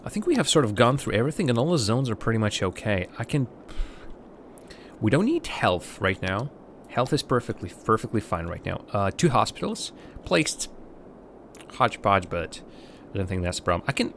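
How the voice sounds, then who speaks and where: A man's voice: fairly low pitch, fairly bright tone, slight background noise. A man from Latvia, a native Russian speaker, doing live gameplay commentary, thinking aloud and chatting to viewers between game remarks. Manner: thinks aloud, rambling with fillers and restarts. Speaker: livestreamer.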